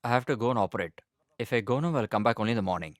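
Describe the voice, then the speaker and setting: Brief: man as a steady, reassuring doctor friend, dry close voice, film dub. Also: lowish voice, racing, dry recording, natural voice. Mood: calm. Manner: calm, reassuring. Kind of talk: dubbed film acting.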